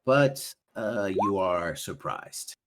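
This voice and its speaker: A man running a tabletop game as game master, narrating haltingly with many fillers. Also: on the low side, sing-song. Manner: halting, many ums and uhs while narrating.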